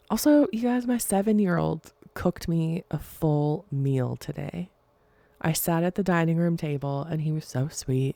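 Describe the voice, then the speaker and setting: Chatty woman with a gravelly, mellow voice. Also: on the low side, no echo. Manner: rambling, chatty, giggly. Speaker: podcast host. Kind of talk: casual solo podcast chat.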